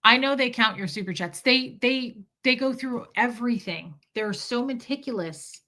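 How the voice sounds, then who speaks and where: A woman talks straight to her livestream audience, chatting candidly and reading out viewer comments as they come in. Her voice sits a little high and has a bright, forward edge. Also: moderate pace. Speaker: livestream host reading super chats. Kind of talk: casual livestream chat.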